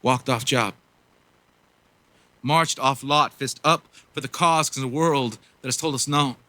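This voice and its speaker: A man's voice: mid-range voice, measured pace, sharp tone, no echo. A man in his forties from Los Angeles performing spoken word poetry with a rhythmic, earnest delivery and casual asides. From Los Angeles, USA. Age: 40s. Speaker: poet.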